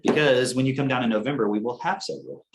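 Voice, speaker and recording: A young man on a casual podcast, telling animated stories, acting out quotes and swearing casually. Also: mid-range voice, fast talker, gravelly. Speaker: podcast co-host.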